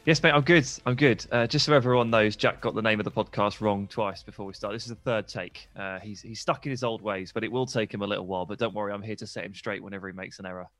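A man's voice: on the low side, fairly even intonation, fast talker, few pauses, fairly bright tone, no echo. A man co-hosting a football podcast, chatty, enthusiastic and teasing. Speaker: podcast co-host. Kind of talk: casual football podcast chat.

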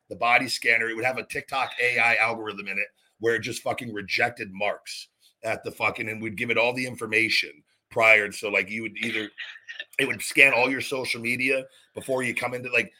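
Man, podcast host, profane, rambling, husky bright voice. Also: medium pitch. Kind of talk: casual podcast chat.

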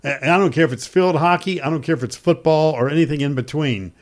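A man's voice: on the high side, fast. Earnest man host, pressing concerns. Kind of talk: conversational sports talk.

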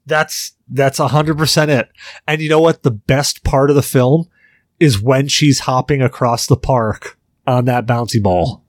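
A man's voice: medium pitch, fairly even intonation, a little slow, no room sound, clean studio sound. A man hosting a podcast, chatting casually and telling jokey stories. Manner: loose, joking, storytelling. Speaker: podcast host.

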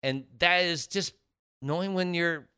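A man's voice: fairly high pitch, unhurried, clean tone. A middle-aged man co-hosting a podcast with his wife, telling stories in casual chat and acting out the voices of the people in them. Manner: animated storyteller, acts out quoted voices. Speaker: podcast co-host.

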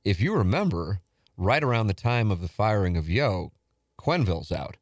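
A man's voice: on the low side, big pitch swings, moderate pace, no room sound, studio quality. A man hosting a podcast interview, asking short teasing questions and laughing along with his guest. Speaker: podcast host. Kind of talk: casual interview.

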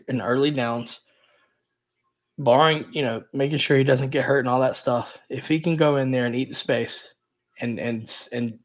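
A man co-hosting a sports podcast, rambling casually and hedging often as he breaks down the team. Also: medium pitch. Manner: rambling, hedges a lot with repeated fillers. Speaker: podcast co-host.

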